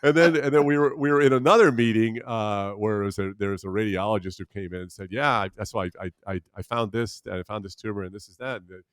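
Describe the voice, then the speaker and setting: A man's voice: on the low side, steady tone, smooth, no room sound, studio quality. A man in his sixties, a guest in a candid interview, telling stories animatedly with frequent restarts and putting on voices for the people he quotes. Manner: halting, with many restarts. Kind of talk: candid storytelling conversation.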